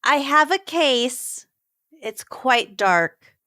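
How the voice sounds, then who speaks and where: Brief: young woman co-host, very slow and drawn out, lively rising voice, dry sound. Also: high voice, no room sound. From Minnesota. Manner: agreeable, laughs a lot, short replies. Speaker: podcast co-host. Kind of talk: casual true crime chat.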